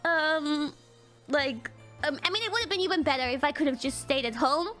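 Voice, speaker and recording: A woman's voice: high-pitched, moderate pace, pushed and bright, faint music behind. A woman streamer casually telling a personal story, rambling with lots of fillers, swearing and nervous little laughs.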